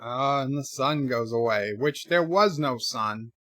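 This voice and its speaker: A man's voice: medium pitch, unhurried, pushed and bright, dry recording. Wry dry-voiced man streaming. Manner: wry, sarcastic asides with fillers. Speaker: streamer watching a film with chat. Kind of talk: casual live commentary, reading chat.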